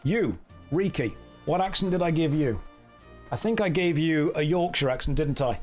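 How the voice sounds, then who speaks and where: Sarcastic British male streamer, slightly high, quick deadpan banter, faint music. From Britain. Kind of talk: casual livestream commentary.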